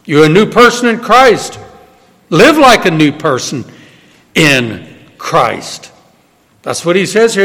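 A man preaching a sermon in an emphatic way, swinging from loud declarations to hushed storytelling. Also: high voice, big pitch swings, normal speed. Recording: long reverb of a hall.

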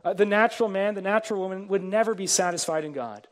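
High-voiced man preaching a sermon. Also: quick pace. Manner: earnest preaching with swelling emphasis and repetition. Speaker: pastor.

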